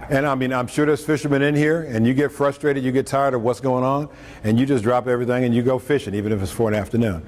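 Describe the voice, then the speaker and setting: A man with a medium-pitched, slightly mellow voice talks at a quick pace in a steady tone. He gives a lunchtime talk on scripture, preaching conversationally with joking asides and acted-out quotes. The recording comes from an echoey hall with faint room noise and a distant mic.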